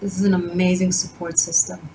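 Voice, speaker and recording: Gushing, rambling woman with a lowish voice. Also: flat delivery, fairly quick, mellow, a little hiss or hum, rough recording. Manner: gushing, rambling with many restarts and fillers. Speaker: tarot reader. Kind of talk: casual spiritual reading to camera.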